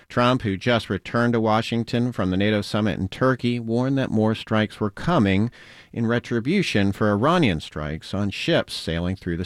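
A man correspondent files a steady, formal news report in a low voice. The recording is dry and close. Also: no echo.

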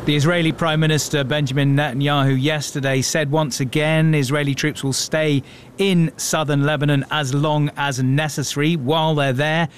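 A man presenting a radio news programme from a studio in a measured, clear manner. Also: a little high, slight background noise. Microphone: studio microphone.

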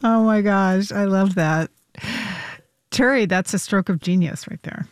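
A woman's voice: mid-range voice, unhurried, smooth, dry recording, clean studio sound. A woman hosting a radio interview, asking short, attentive questions. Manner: attentive, brief reactions. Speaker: radio host.

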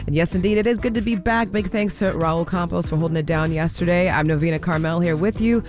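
An upbeat, bubbly woman hosting a music radio show, with a slightly low voice. Faint music plays under her studio mic. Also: quick pace, hardly any pauses, darkish tone. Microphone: studio microphone.

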